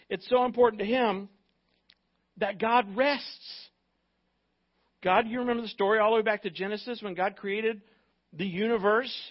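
A man preaching as a pastor, animated and joking, acting out the excuses people make. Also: high voice, highs cut off. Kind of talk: sermon.

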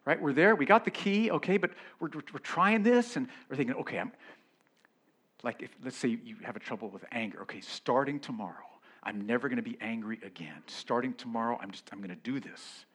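A middle-aged male pastor preaching a sermon, moving between loud exclamations and hushed whispers. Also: mid-range voice, animated, brisk, slightly rough.

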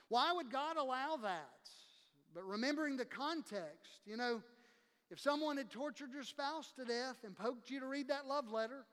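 A man's voice: very high-pitched, fairly bright tone, in a large hall. A man preaching a sermon as a pastor, impassioned and emphatic, acting out the voices of the people he quotes.

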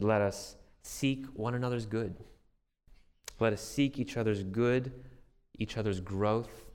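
A man's voice: lowish voice, in a large hall. A man preaching a sermon as a pastor, earnest and conversational, with restarts and light self-deprecating humor.

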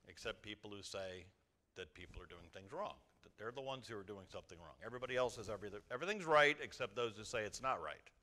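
Animated, bright-voiced preaching pastor. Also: male voice, fairly low pitch. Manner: animated preaching, swings from quiet asides to loud exhortation. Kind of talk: sermon. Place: church sanctuary before a congregation.

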